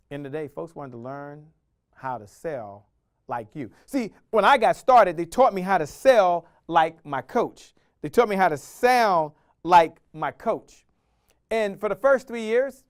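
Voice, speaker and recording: A man giving a motivational sales keynote, emphatic and repetitive, drawing call-and-response from the audience and swinging between loud declarations and hushed asides. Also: high voice. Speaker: sales coach and conference speaker.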